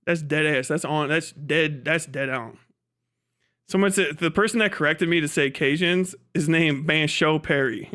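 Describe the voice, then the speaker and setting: A high-pitched man holds a loose, profane live-stream rant, laughing between his jabs. His talk is casual and full of swearing, dropped straight into the mic. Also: a little slow, fairly bright tone. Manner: profane, ranting, laughs often. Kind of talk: casual livestream chat.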